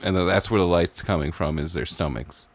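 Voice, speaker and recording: A man's voice: deep voice, brisk. A man co-hosting a podcast, rambling casually through story ideas with lots of "like" and "maybe". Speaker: podcast co-host. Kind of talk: casual brainstorming chat.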